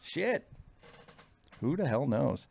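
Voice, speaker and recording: Man, live stream host, swings up and down in pitch, curses freely, dry close sound, at home. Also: big pitch swings, slow pace, gravelly, darkish tone, no echo. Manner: frustrated, swears a lot. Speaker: podcast host. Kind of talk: casual live stream chat.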